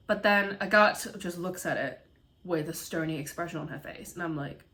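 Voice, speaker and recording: A woman casually recapping a film, animated and swearing freely as she acts out the characters' lines. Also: on the low side, moderate pace. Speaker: video essayist.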